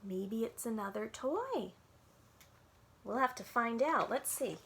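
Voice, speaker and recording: A woman's voice: fairly high pitch, lively intonation, slow, fairly bright tone. A woman working as a children's librarian, reading picture books aloud to young listeners in a sing-song way and often stopping to ask them questions.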